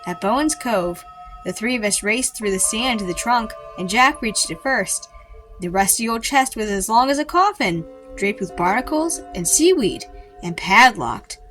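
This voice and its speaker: A mother reading a children's chapter book aloud to her kids, in a lively, dramatic way. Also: mid-range voice, moderate pace, faint music behind. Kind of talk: storybook read-aloud.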